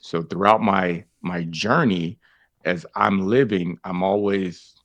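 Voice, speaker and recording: A man's voice: fairly even intonation, takes it slowly, fairly bright tone, no room sound. A man telling his faith story as a guest, calling the listeners fellas and folks and acting out the conversations he tells. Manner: acts out dialogue with big jumps in pitch. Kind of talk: animated storytelling.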